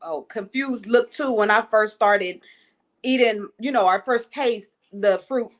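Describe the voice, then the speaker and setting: A woman's voice: medium pitch, a little slow. A woman co-hosting a casual livestream chat. She speaks English with an accent and talks enthusiastically about a recipe. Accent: non-native English. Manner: enthusiastic and chatty, with frequent fillers. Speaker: co-host presenting a recipe.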